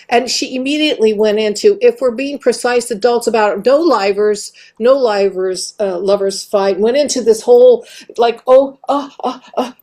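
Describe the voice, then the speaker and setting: A woman at a middle pitch, talking on her own in a loose, animated monologue. She reads quoted replies aloud and stays casual and expressive throughout. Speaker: host.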